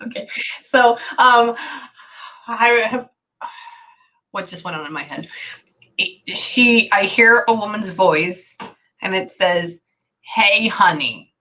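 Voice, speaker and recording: Bright-voiced woman medium, halting and animated. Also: mid-range voice. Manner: halting, animated, many self-interruptions. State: tearful at times. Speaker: psychic medium. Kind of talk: channeling session.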